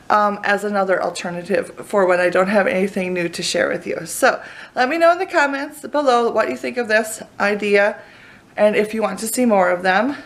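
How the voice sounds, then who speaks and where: A young woman giving a casual tour of her living room for a home vlog, a bit out of breath and nervous, chatty and rambling with lots of fillers. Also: medium pitch. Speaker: home decor vlogger. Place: indoor living room, hot room.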